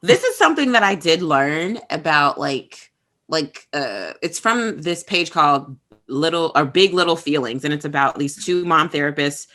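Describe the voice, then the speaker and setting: Bright, lively woman with a low pitch. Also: moderate pace. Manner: expressive, emphatic, retells advice with lots of fillers. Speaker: podcast co-host. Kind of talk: casual chat.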